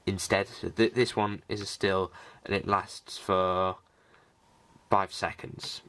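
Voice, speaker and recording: A man's voice: low voice, level tone, slow, a bit bright. A man vlogging behind the scenes in a casual, rambling way, with many fillers and restarts. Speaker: vlogger, filmmaker.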